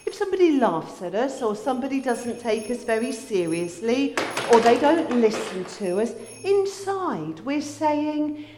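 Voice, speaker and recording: A woman giving a gentle, storytelling children's address in church. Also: on the high side, sing-song, unhurried, a little hiss or hum. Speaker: children's talk leader. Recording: echoey hall with long reverb.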